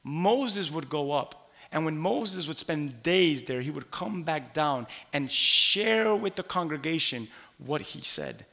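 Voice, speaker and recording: A man preaching a sermon in a church, animated, laughing, and rising to shouts. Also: fairly high pitch, slow pace, vocal fry. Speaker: pastor. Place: church sanctuary. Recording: long hall reverb.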